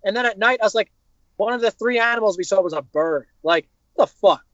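High-voiced, profane young man. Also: a little fast, no room sound. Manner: profane, animated storytelling. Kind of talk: casual chat. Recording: dull, dry lo-fi recording.

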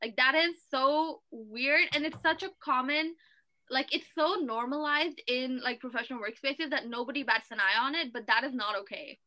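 A woman with a high, bright voice speaks in a casual podcast discussion. Her delivery is earnest and emphatic, with plenty of conversational fillers, and the sound is dry and close. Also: normal speed, no room sound. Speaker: podcast co-host.

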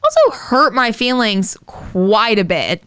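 A woman's voice: a little high, huge pitch swings, slow, a bit bright, smooth, dry recording, clean studio sound. A young woman co-hosting a podcast, telling a personal story in casual chat, candid and swearing freely. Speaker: podcast co-host.

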